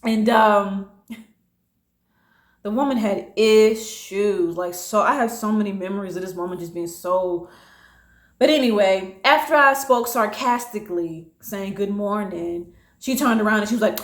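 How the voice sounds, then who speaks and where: A woman in her late twenties, casually telling a personal story, animated and acting out what others said. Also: moderate pace. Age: late 20s. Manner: animated, acting out quotes with big pitch jumps. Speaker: storytime vlogger. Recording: echoey room.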